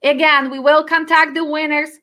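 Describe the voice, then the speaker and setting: A woman's voice: sits high, level tone, normal speed, bright, forceful tone. A woman who hosts a trucking dispatch training channel, reading a viewer's letter aloud and talking to her students with heartfelt encouragement. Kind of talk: casual livestream talk to students.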